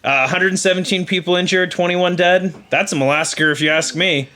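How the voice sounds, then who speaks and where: Young man, bright tense voice, jokey podcast co-host, rambling quips. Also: high-pitched, moderate pace. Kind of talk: casual comedic history podcast chat.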